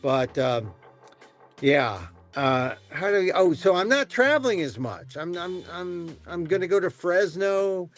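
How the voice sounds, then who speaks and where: Middle-aged male host, high voice, deadpan satire, faint music bed. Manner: joking, deadpan sarcasm with quick restarts. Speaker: podcast host. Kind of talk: casual satirical chat.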